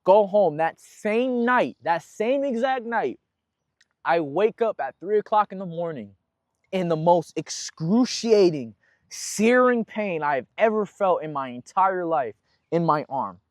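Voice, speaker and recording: A man's voice: sits high, animated, measured pace, dry recording. A young man talking casually as a guest in an interview, telling a personal story in a loose, slangy way with lots of profanity. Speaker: guest musician.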